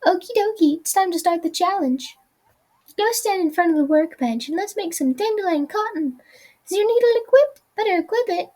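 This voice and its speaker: A woman voicing a cheerful little sewing creature with a squeaky voice, bubbly and talking about itself in the third person while reading game dialogue aloud. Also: lively intonation, normal speed, dark tone, rough recording.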